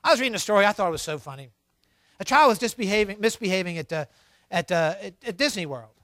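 High-voiced man preaching with comic bite. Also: fast talker, no room sound. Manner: animated, acts out scolding parents for laughs. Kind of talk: humorous sermon.

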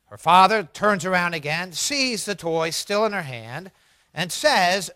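A man preaching a sermon as pastor, telling a story in a measured, earnest way. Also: high-pitched, expressive, sharp tone, dry recording.

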